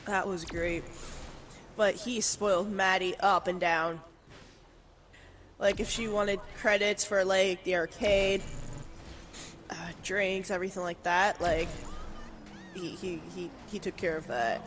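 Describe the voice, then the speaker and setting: Slow-talking Canadian woman telling stories. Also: medium pitch, fairly even intonation, a bit bright, a little hiss or hum. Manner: laughs often, swears freely. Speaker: streamer. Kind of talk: casual storytelling chat.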